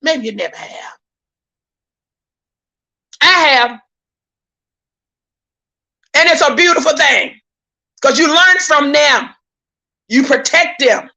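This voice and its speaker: A woman, holding forth on a live stream in a high, ringing voice. She sounds indignant and preachy, hammers her points again and again and trips over her words when she gets worked up. She keeps turning to her viewers as "y'all.". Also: expressive, takes it slowly, pauses often, sharp tone. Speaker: YouTube commentator. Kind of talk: heated live-stream commentary.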